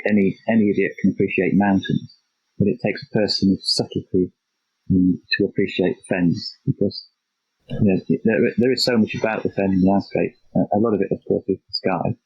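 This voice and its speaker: A man in his fifties with a faint Yorkshire accent, a podcast guest chatting reflectively and haltingly, with many restarts. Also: sits low, flat delivery, slightly rough. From Yorkshire, England. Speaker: podcast guest, geography teacher. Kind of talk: casual interview chat. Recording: dull lo-fi dry remote recording.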